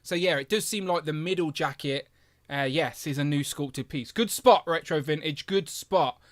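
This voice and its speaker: A man's voice: a little high, normal speed. A man hosting a live stream, chatting casually and enthusiastically with lots of fillers. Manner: animated, with big jumps in loudness. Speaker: host of a toy review live stream.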